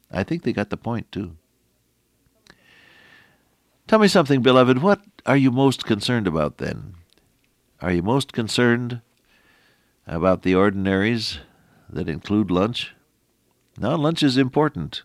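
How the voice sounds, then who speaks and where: A middle-aged man with a lowish voice delivers a folksy radio sermon, chatting with the listener between points of scripture. The sound is dry and close, with no room around it. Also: no room sound. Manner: folksy, preacherly, with asides to listeners. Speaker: radio preacher.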